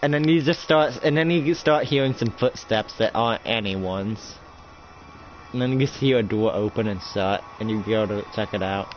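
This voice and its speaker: A man's voice: lowish voice, normal speed, dull audio, faint music behind. A man narrating a casual role-play as game master, rambling with lots of filler words.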